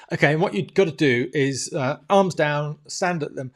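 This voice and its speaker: A man's voice: on the high side, normal speed. A man vlogging a candid, emotional personal story to the camera, laughing often and swearing freely.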